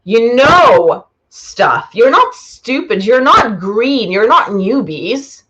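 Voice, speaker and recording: A woman's voice: a little high, big pitch swings, measured pace, few pauses, fairly bright tone, dull audio. A woman business coach talking bluntly to a live audience, swearing freely and rambling. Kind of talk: live-streamed masterclass.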